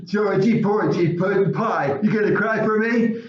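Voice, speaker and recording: A man's voice: sits high, measured pace, far from the mic, pitched above the performer's own voice. A man doing a sing-song schoolyard bully. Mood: taunting. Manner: mocking sing-song chant. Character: taunting fifth-grade boy bully. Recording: roomy, dull lo-fi recording.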